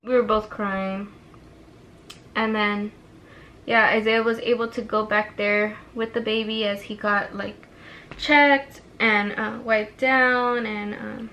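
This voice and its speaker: A woman's voice: mid-range voice, slow, slight background noise. A young woman vlogger telling a personal story in casual chat while doing her makeup, acting out what people said with laughs and gasps. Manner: animated, acts out quotes with laughs and gasps.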